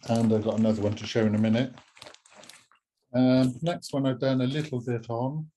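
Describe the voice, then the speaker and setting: Mellow dry-voiced Southwest English man. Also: medium pitch, steady tone, normal speed, a little hiss or hum. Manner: dry, understated, tired after a workday. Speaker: co-host. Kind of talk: casual chat showing finished stitching.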